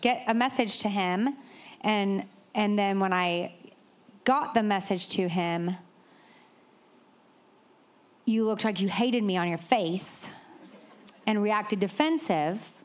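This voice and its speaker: A woman's voice: medium pitch, slow, long pauses. A woman co-hosting a talk show, chatting casually and telling a laughing story about her marriage. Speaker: podcast co-host. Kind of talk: casual chat.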